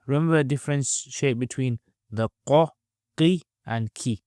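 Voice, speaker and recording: A man's voice: medium pitch, normal speed, dark tone, no echo, studio quality. A man teaching Arabic letters step by step, patiently repeating each sound for learners to copy. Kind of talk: slow step-by-step lesson.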